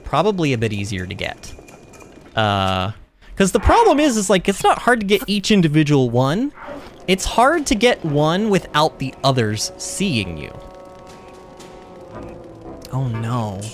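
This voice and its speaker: A man's voice: fairly high pitch, huge pitch swings, measured pace, faint music behind. A man streaming a video game live, chatting playfully with viewers and getting easily alarmed at what happens on screen. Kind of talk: live gameplay commentary.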